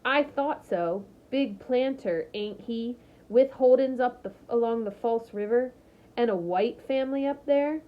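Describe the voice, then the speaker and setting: A woman's voice: on the high side, a little slow, natural voice. Woman putting on a sneering Southern older landlady. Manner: drawling, sneering, cutting. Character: gaunt sharp-eyed older Southern landlady, spiteful. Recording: slightly muffled lo-fi recording.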